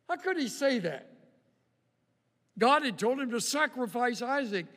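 A man preaching a sermon, emphatic, swinging from loud stressed peaks down to low, slow phrases. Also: animated. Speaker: pastor. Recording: long hall reverb.

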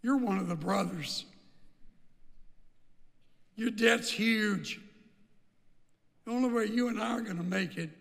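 Pastor, male, gravelly and high, measured delivery, echo of a big sanctuary. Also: a bit bright. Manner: emphatic, repeats phrases for stress. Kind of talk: sermon.

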